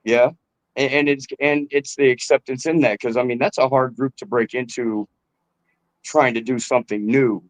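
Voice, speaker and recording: A man, a rapper guest, chats in a laid-back, loose way, swearing freely and calling the host bro. His voice sits at an ordinary middle pitch. The sound is dry, with no room echo. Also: fairly even intonation, normal speed. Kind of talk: casual interview chat.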